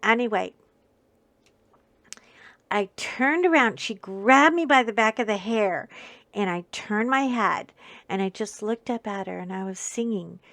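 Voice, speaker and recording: A woman hosting a craft video, telling a childhood story at home in an animated, wry way with sudden loud bursts. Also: mid-range voice, measured pace, long pauses. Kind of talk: casual storytelling while crafting.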